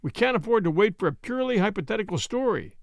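A man voicing a brisk, matter-of-fact night editor who doubts the story. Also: sits high, expressive, gravelly, no echo, clean studio sound, voice pushed up. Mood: dismissive.

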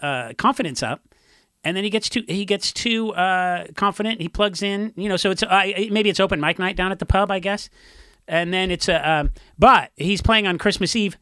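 A man from Orange County, a punk musician, telling rambling, animated stories in a casual interview and acting out what others said. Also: high-pitched, normal speed, clean tone, no room sound, studio quality. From Orange County, California. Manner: rambling, animated storytelling with acted-out quotes.

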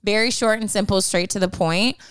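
A woman's voice: medium pitch, steady tone, a little fast, clean tone, no echo. A young woman in casual chat, giving candid advice with lots of fillers. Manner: candid, chatty, many fillers.

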